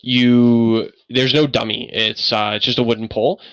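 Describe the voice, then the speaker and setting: A man narrating a tabletop game as game master in a halting, rambling way over online voice chat. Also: mid-range voice, flat delivery, fairly bright tone, no room sound, low-quality recording.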